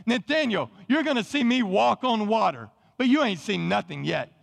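A man voicing Jesus as a gently teasing teacher in a folksy paraphrase, during a sermon. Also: high voice, expressive, normal speed, gravelly, long reverb tail, exaggerated voice. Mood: building.

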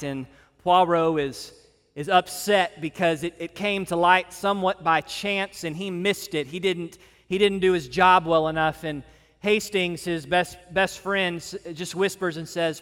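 Pastor, male, fairly high voice, earnest sermon delivery with stacked repeated phrases, long hall reverb. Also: fairly bright tone, smooth. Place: church meeting room.

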